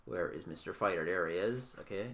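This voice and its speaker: A man's voice: sits low, fairly quick, fairly bright tone. A man acting as game master, narrating a tabletop game in a casual, offhand way.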